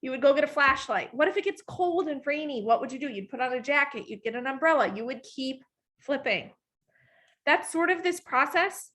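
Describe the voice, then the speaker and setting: A woman's voice: sits high, expressive, fast talker, hardly any pauses, fairly bright tone. A woman leading a live online sales training for her team, talking energetically with lots of fillers and restarts. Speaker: network marketing trainer.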